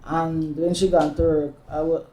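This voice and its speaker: In an echoey community centre room, a Jamaican woman in her fifties shares personal stories for an oral history interview, laughing often and slipping into patois. Her voice sits low and dark, with flat delivery at a moderate pace.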